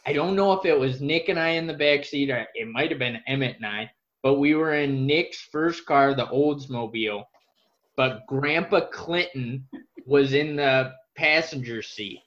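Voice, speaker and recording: A man's voice: medium pitch, a bit bright, roomy sound. Man telling stories on a dull, lo-fi recording. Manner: quick, laughing storyteller. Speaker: podcast co-host. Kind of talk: casual storytelling. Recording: dull lo-fi sound.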